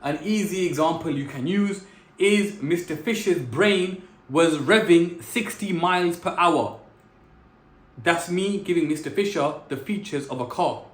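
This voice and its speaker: A man teaching an exam-prep English lesson, talking directly and calling his students "guys" as he slows down to stress key words. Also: fairly high pitch, echoey room. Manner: direct, repeats "guys" often, drawn-out emphasis on key words. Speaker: English tutor.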